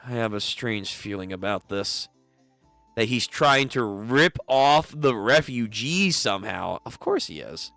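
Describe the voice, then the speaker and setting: A man's voice: fairly low pitch, lively intonation, unhurried, vocal fry, fairly bright tone, no room sound, soft background music. Joking, foul-mouthed young man reacting. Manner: joking, profane, laughs often. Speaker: reaction streamer. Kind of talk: casual reaction commentary.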